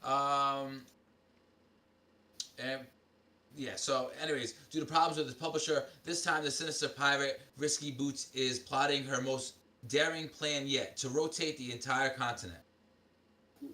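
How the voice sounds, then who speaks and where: A man's voice: mid-range voice, moderate pace, bright, forceful tone. A man co-hosting a casual gaming podcast, reading game news aloud and adding offhand comments. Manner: reads listings aloud with asides. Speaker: podcast co-host.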